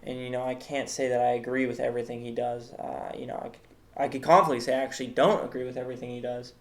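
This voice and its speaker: A man's voice: mid-range voice, level tone, quick pace. A man hosting a comedic tier-list commentary, rambling in a mock-serious way with lots of fillers. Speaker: host.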